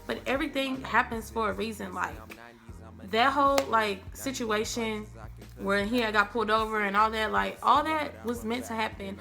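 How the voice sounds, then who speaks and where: Young woman vlogger, dramatic storyteller, slightly high. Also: normal speed, creaky. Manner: animated, dramatic, acts out quotes. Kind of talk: storytime vlog. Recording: faint background music.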